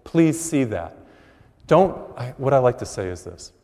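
A middle-aged man, a priest, preaching a sermon with animated storytelling. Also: medium pitch, measured pace. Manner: animated storytelling with acted quotes. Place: large church. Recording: long church reverb.

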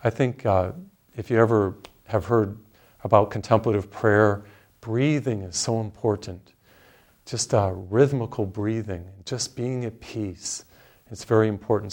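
Middle-aged guy preaching, easygoing storyteller, walks ppl thru deep breaths. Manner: relaxed storytelling, leads listeners in slow breathing. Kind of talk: sermon.

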